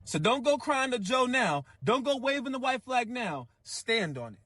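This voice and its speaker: A man's voice: very high voice, big pitch swings, moderate pace, bright, forceful tone, no room sound. A man giving a blunt, scolding rant in casual slang. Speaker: commentator. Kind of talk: ranting commentary.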